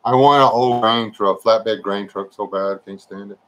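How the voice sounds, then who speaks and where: A man's voice: lowish voice, steady tone, normal speed, fairly bright tone, rough recording. A man hosting a livestream, chatting casually with viewers and joking around with them. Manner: laid-back, joking, chatting to viewers by name. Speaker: livestream host.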